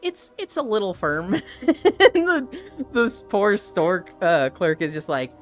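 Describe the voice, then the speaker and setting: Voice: mid-range voice, big pitch swings, takes it slowly, a bit bright, soft background music. A live streamer walking while chatting casually, retelling funny stories with lots of laughter and swearing, and acting out the people in them. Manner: laughs often, swears, acts out quoted voices.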